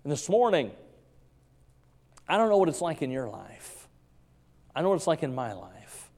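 A male pastor preaching a sermon in a church, excitable and quick, stumbling and repeating words as his enthusiasm runs ahead. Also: a little high, vocal fry. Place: church sanctuary. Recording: long reverb of a large church hall.

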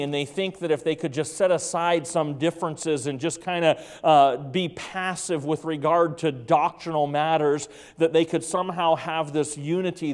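A man preaching an evening sermon in a church, emphatic and repetitive, dropping to soft tones at times. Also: on the high side, clean tone. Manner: emphatic, repeats key phrases, drops to soft tones. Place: church sanctuary. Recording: long reverb of a large room.

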